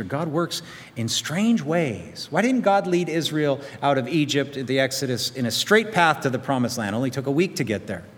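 A man's voice: mid-range voice, big-room sound. A male pastor delivering a sermon, acting out quotes with rising emphasis.

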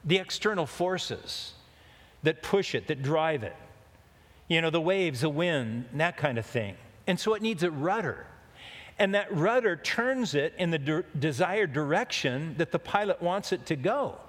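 A man's voice: a little high, animated, unhurried, fairly bright tone. A man preaching a sermon, telling a rambling, joking story in a folksy way. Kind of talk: sermon with a told anecdote. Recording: long hall reverb.

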